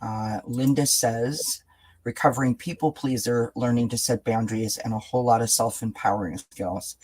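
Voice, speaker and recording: A woman co-hosting a casual live-stream chat, relaxed and agreeable, reading viewer comments aloud. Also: a bass voice, normal speed, rough recording. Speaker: co-host.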